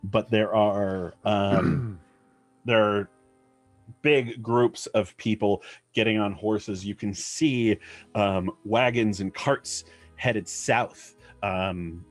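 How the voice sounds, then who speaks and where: A low-voiced man running a tabletop game at an unhurried, drawn-out pace, filling pauses with ums and uhs. Faint music plays behind him. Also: steady tone, no echo. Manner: halting, many ums and uhs. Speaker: game master.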